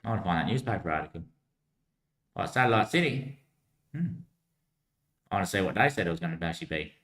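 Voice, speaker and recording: A man's voice: deep voice, lively intonation, quick pace, a bit bright, roomy sound. A man rambling to himself, answering his own remarks and swearing freely.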